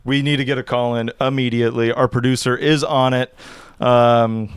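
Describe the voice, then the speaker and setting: Smooth-voiced man commentating curling. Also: mid-range voice, fairly even intonation, moderate pace, dry recording, clean studio sound. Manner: playful, mock-dramatic breaking-news hype. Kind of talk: live sports commentary.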